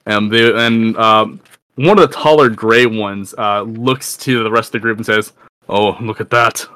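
Man, game master, low voice, halting, fillers, dry close mic. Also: steady tone, sharp tone, clean tone, no echo. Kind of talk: narrating a tabletop game.

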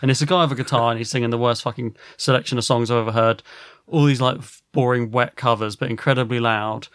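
A man's voice: medium pitch, fast, clean tone, dry recording. Sweary man telling a story. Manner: swears a lot, animated and rambling. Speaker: podcast host. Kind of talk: casual storytelling.

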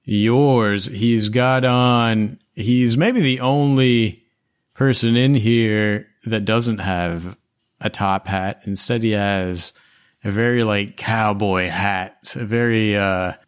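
A man's voice: fairly low pitch, fairly even intonation, takes it slowly, smooth. A man narrating a tabletop game as game master, casual and loose.

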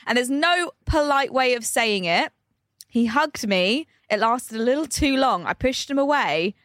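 A young woman co-hosting a podcast, telling dating stories in animated, casual chat and laughing and gasping often. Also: on the high side, dry recording, clean studio sound. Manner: animated storyteller, quick to laugh and gasp. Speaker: podcast co-host.

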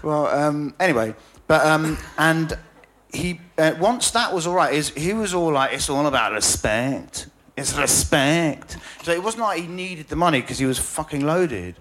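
A man's voice: fairly high pitch, animated, normal speed, fairly bright tone. Rambling, laughing male storyteller. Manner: rambling, self-deprecating, stammering restarts, laughing often. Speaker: journalist and author guest. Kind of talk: casual anecdote in conversation.

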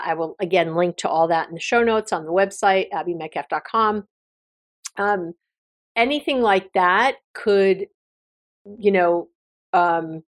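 A woman hosting her own podcast, explaining a mental health topic in a conversational way, with fillers and self-corrections, speaking straight to the listener. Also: medium pitch. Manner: explanatory, addresses listener directly. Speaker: podcast host and therapist. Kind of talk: solo podcast talk.

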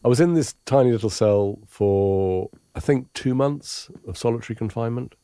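An English man recounting a long ordeal in measured, understated, wry first-person testimony. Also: medium pitch, mellow, clear, resonant tone, no echo. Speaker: interviewee recounting his captivity.

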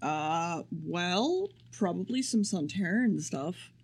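A man's voice: sits high, animated, slow pace, breathy edge. A man co-hosting a podcast, casually recapping an episode in a rambling, profane way. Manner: rambling and profane, acts out quotes. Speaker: podcast co-host.

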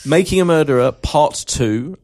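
A man co-hosting a podcast, bantering quickly in a playfully self-important way. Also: fairly high pitch. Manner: fast, lively, mock-pompous banter. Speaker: podcast co-host. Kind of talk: casual chat.

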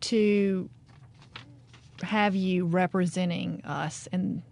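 A woman's voice: lowish voice, steady tone, very slow, vocal fry, darkish tone. A woman with a Mississippi Delta Southern accent, hosting a casual chat in an effusive, folksy way. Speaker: host.

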